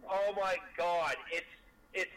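An excitable man co-hosting a podcast in a high, bright voice. He retells funny clips eagerly and peppers them with swearing. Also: slow pace, low-quality recording. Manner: excitable storyteller, heavy swearing. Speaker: podcast co-host. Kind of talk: casual chat.

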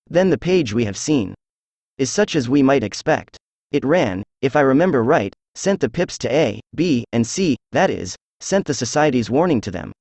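A synthesized male voice reading a classic detective story aloud as narrator, in an even, measured manner. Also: mid-range voice, no echo. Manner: even, measured text-to-speech reading of all parts.

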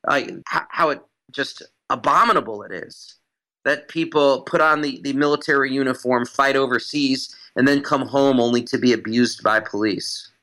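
A man talks as a guest in an interview, building his argument point by point. His voice is bright and forceful, and he leans on repeated phrases for emphasis. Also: mid-range voice, normal speed, poor audio. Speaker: guest commentator. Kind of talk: analytical interview talk.

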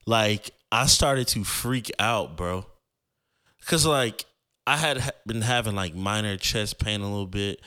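A young man hosting a podcast tells a personal story, loose and rambling, full of slang and fillers. His voice sits fairly low and comes through smooth and resonant. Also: measured pace, sharp tone. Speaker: podcast host.

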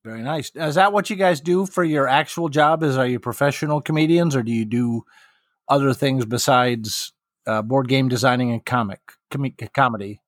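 A man's voice: medium pitch, moderate pace, no echo, studio quality. An American man co-hosting a podcast, joking and laughing through a casual interview. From United States. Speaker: podcast co-host.

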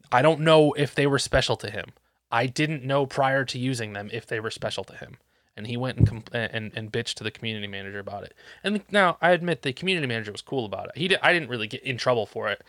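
A man's voice: mid-range voice, fairly bright tone, no echo, studio quality. A man telling a work story in casual chat, ranting and swearing with exasperation.

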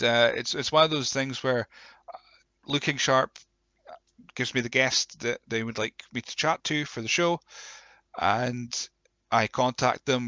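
A man hosting a live solo podcast, with a croaky voice, chatting in an excitable, rambling way and often correcting himself. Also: mid-range voice, no room sound. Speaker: podcast host.

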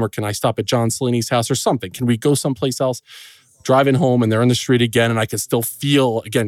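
A man's voice: lowish voice, a little mellow, no room sound, studio quality. Earnest man telling a painful story. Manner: earnest, emotional, pauses and restarts often. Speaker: podcast guest. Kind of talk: personal storytelling in a podcast interview.

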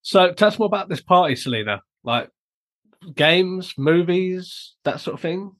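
A man co-hosting a casual chat, teasing the others and laughing loudly. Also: sits high, expressive, a little slow. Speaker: podcast co-host.

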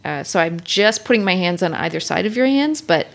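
Brief: woman co-host, slightly low voice, playful and giggly, narrating her turns in a role-play game. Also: animated, brisk, creaky. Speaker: co-host and player.

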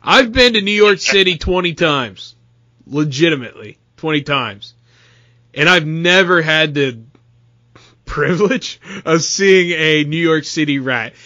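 Male podcast host, bright lively voice, excitable storyteller, slightly dull mic. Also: fairly high pitch, measured pace, dry recording. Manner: animated storyteller, stammers when excited. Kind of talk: casual banter.

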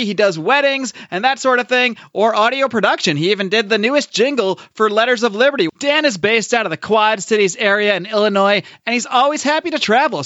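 A man hosting a podcast, reading an upbeat plug and spelling things out slowly. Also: high voice, pushed and bright, no room sound. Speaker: podcast host. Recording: dull lo-fi sound.

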